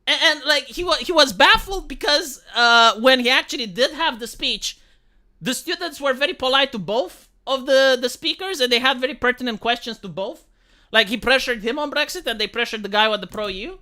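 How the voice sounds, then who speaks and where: A woman's voice: high voice, lively intonation, moderate pace, pushed and bright. A woman from Romania giving casual livestream commentary, rambling with many restarts and some swearing. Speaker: live streamer.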